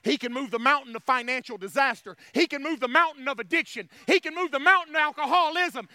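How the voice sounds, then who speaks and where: A man's voice: very high voice, quick pace, hardly any pauses, sharp tone, no room sound. A man preaching a fiery call-and-response sermon as pastor.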